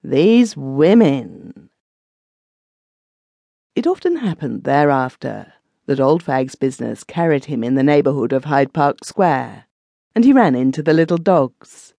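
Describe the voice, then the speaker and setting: A woman narrating a classic short story as an audiobook reader, in an expressive storytelling manner. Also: extremely low pitch, moderate pace, gravelly, no room sound. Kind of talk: scripted narration.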